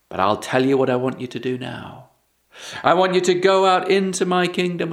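A man voicing a storybook queen who is calm and commanding, speaking slowly and quietly. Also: a little high, creaky. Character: queen mourning lost gems, calm and commanding.

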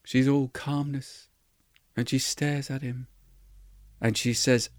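A man's voice: mid-range voice, little pitch movement, takes it slowly, pauses often, no echo, studio quality. A man telling a folk tale in an earnest, conversational way with folksy asides. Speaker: storyteller. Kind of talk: oral storytelling.

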